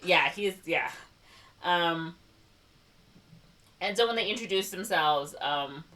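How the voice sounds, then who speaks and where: Woman co-host, casual recap, lots of "like" and "um", lowish voice, distant mic. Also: expressive, pushed and bright. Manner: rambling, filler-heavy storytelling with quick quoted voices. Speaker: podcast co-host.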